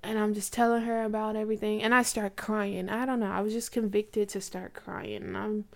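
A woman's voice: medium pitch, flat delivery, brisk, creaky, hardly any pauses, darkish tone. A woman in her twenties casually telling a personal faith story, chatty, with lots of likes and you knows. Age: 20s.

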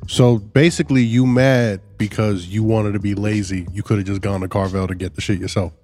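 A man's voice: lowish voice, fairly even intonation, a little fast, a little mellow, faint music behind. A man teasing his friends bluntly in casual chat.

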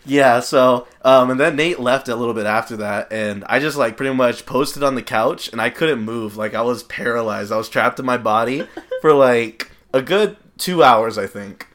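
A young man co-hosting a podcast, telling relaxed, casual stories and laughing often. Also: medium pitch, normal speed. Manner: laid-back, laughs often through his stories. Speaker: podcast co-host. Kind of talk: casual storytelling chat.

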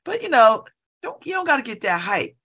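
A middle-aged woman chatting casually at home by an open window, laughing often and breaking into animated asides. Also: a little high, a little fast, husky. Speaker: vlogger. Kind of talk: casual monologue.

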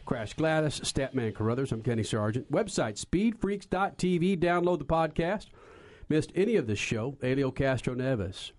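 A man's voice: a little high, a little mellow. Brash male motorsports radio host. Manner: brash, joking, salty. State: stuffed up with a head cold. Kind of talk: motorsports radio talk show.

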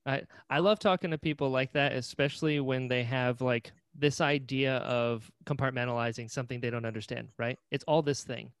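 A man's voice: mid-range voice, brisk, hardly any pauses, smooth. A man hosting a podcast, chatting casually and agreeing often with his guest. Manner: relaxed, chatty, frequent short agreements and laughs. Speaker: podcast host. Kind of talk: casual interview chat.

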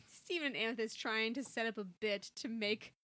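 A woman's voice: fairly high pitch, moderate pace, pushed and bright, no room sound. A young woman co-hosting a podcast, chatting enthusiastically about a cartoon episode and laughing often. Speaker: podcast co-host.

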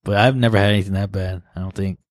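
A young man with a mid-range voice, recorded close and dry, on a casual podcast. He talks in a relaxed, unhurried way, pausing on "uh" as he thinks back. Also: low voice, dry recording. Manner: relaxed, reflective storyteller with fillers. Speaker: podcast co-host. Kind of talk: casual chat.

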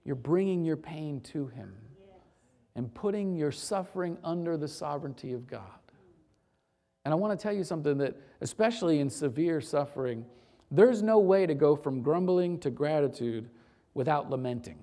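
A man's voice: sits high, dark tone. Emphatic male pastor preaching. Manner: emphatic preaching, repeats phrases for effect. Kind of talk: sermon.

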